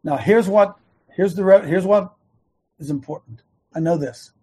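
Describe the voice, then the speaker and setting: A man's voice: high voice, unhurried, mellow, husky. A man, known as coach, giving an earnest and emphatic sermon-style devotional talk and repeating his key lines.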